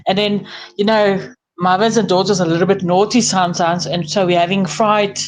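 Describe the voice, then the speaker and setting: A woman's voice: medium pitch, steady tone, a little fast, a crowd in the background, poor audio. A chatty woman with a South African accent, talking casually into her phone while lying on her bed at home. She rambles from one thing to the next and laughs often. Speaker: guest on a live stream. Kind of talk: casual chat.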